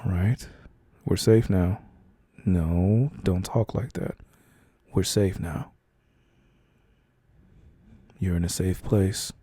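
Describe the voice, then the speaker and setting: A young man in a whispered role-play as a comforting boyfriend, talking softly and slowly with hesitant fillers and reassurance. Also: low voice, steady tone, breathy edge, dry recording.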